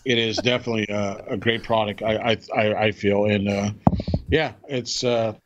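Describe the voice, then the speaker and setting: A man's voice: lowish voice, fairly even intonation, normal speed, highs cut off, noisy background. A man co-hosting a podcast in casual chat, easygoing and rambling, often restarting his sentences. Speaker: podcast co-host.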